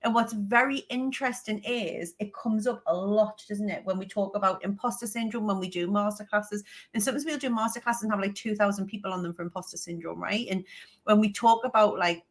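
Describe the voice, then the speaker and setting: A woman in her forties with a strong Geordie accent, a podcast guest telling candid, lively stories with the odd swear word. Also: mid-range voice, fairly quick. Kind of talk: casual interview chat.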